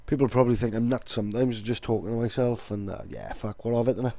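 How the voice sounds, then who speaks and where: A man's voice: medium pitch, fast, warm tone, dry recording. Laid-back man rambling casually. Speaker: vlogger. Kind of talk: casual vlog talk.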